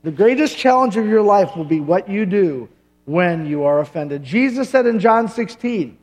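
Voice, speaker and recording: Male pastor, middle-aged, very high voice, punchy sermon delivery with jokes and long pauses. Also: lively intonation. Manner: emphatic preaching with dramatic pauses and humor.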